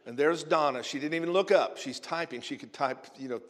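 A man who is a minister telling a humorous story in a sermon, animated and often chuckling as he talks. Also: fairly high pitch, fairly quick. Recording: long hall reverb.

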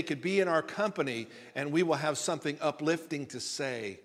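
This male pastor's voice is a little high, expressive and creaky, moving at a moderate pace with few pauses. His conversational sermon is folksy and rambling, with repeated words building emphasis. The recording carries the reverberant sound of a church sanctuary.

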